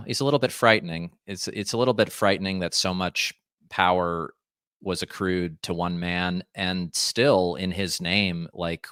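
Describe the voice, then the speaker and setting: Guest: man, low resonant voice, rambling and reflective, dry room. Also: sharp tone, clean tone, no room sound. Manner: rambling, thoughtful, restarts and fillers. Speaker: podcast guest. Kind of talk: casual conversation.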